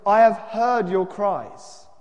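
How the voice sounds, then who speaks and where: A man voicing a soft-spoken gentle stranger. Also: high voice, slow, in a large hall, voice pushed up. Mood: gentle, reassuring. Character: calm gentle male stranger bringing light.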